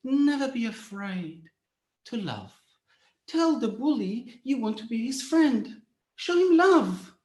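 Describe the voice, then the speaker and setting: A tender, loving mother, as a man puts her on, speaking softly with a lilting, lively rise and fall. Her words come slowly and carefully. The sound rings in a roomy hall. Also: very high voice, exaggerated voice. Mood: gentle. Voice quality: soft, tender. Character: loving gentle mother giving advice. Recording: echoey hall.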